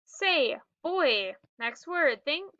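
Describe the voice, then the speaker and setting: A woman teaching a phonics lesson to young children, slowly sounding out words and cueing the class to read and spell along. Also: sits high, lively intonation, bright, forceful tone, no echo, muffled recording. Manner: slow, clearly sounded-out words with prompting cues.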